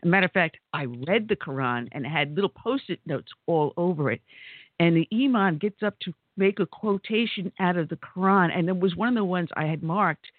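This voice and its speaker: A woman's voice: on the low side, fairly quick, no echo. A woman hosting a conservative talk radio show, chatty and telling stories with exclamations. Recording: tinny phone-like line.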